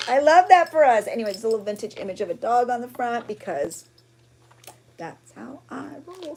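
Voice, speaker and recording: A woman's voice: mid-range voice, darkish tone, slight background noise. A woman hosting a craft journaling vlog, chatty and emotional, rambling with fillers as she shows her pages. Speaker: junk journaling video host.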